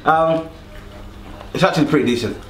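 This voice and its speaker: A man's voice: fairly high pitch, normal speed, a bit bright. A man hosting a comedy cooking sketch as a mock-formal chef, bantering playfully. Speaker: comedy cooking show host. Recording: echoey room with music behind.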